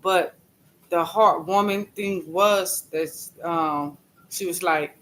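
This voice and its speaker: A man chatting on a live stream, telling a story haltingly, repeating phrases and greeting viewers by name. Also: sits high, fairly even intonation, bright, forceful tone, a little hiss or hum, poor audio. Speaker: livestreamer. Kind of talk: casual live-stream talk.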